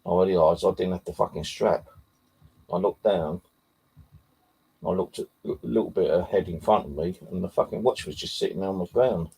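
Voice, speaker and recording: A man's voice: low-pitched, moderate pace, creaky, dark tone, slightly rough, poor audio. A man chatting casually to camera, rambling and swearing often. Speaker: vlogger.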